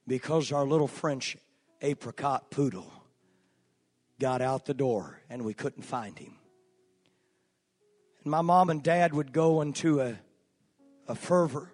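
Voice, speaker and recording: A man preaching a sermon, telling a personal story in a folksy, earnest way with filler pauses. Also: on the high side. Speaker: pastor. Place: church sanctuary. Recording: long church hall reverb, faint music.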